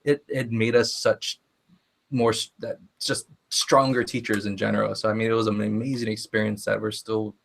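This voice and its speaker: Male ukulele teacher, low gravelly voice, relaxed, hesitant panel chat. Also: moderate pace. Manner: relaxed, hesitant, many fillers.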